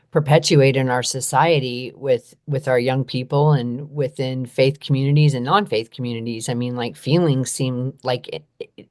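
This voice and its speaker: A woman's voice: a bass voice, a little mellow. A woman guest earnestly telling a story in conversation, often checking in with "right?". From United States. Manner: earnest, repeats phrases, frequent "right?". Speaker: guest advocate on trauma and poverty.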